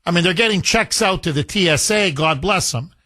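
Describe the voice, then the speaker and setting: A male talk radio host with a fairly high voice speaks a little fast, getting indignant, his pitch rising as he gets worked up. He's animated and pointed, repeats a phone number, and is recorded with clean studio sound.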